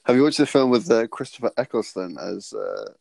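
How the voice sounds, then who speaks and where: A man's voice: mid-range voice, a little fast, creaky, darkish tone, no echo. A man co-hosting a podcast, chatting casually and telling rambling, jokey stories with frequent laughs. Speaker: podcast co-host. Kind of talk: casual chat.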